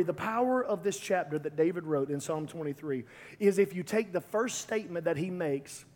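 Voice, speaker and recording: A man's voice: sits high, darkish tone. A man preaching a sermon with rhythmic repetition that builds to emphatic climaxes. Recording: long hall reverb.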